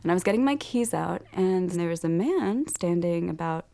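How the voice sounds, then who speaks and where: A young woman telling the story of her kidnapping in a documentary interview, halting and earnest, with many restarts. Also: fairly low pitch, animated, gravelly, mellow. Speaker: survivor recounting a crime. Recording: music bed under the voice.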